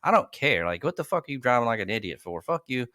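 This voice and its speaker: A man's voice: medium pitch, sing-song, fast talker, pushed and bright, no echo, clean studio sound. A man hosting a podcast, rambling and swearing in crude casual chat. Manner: profane, rambling, laughs a lot. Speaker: podcast host.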